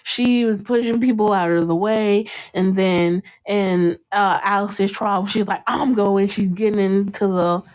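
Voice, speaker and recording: A young woman hosting a casual podcast, recapping an episode and acting out what the characters said with sudden jumps in pitch and frequent laughter. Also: unhurried, hardly any pauses. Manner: animated, acts out quotes in a jumped-up pitch, laughs often. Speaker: podcast host.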